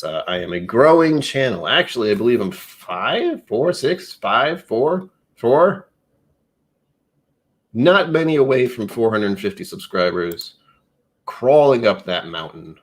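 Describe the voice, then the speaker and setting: Low-voiced man rambling on a livestream. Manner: rambling, self-mocking, jokey. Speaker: live streamer. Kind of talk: casual livestream chat.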